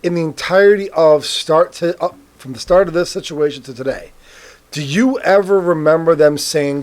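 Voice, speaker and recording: A man's voice: a little high, normal speed. A man co-hosting a casual political chat, asking questions in a thoughtful way and searching for his words. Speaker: co-host.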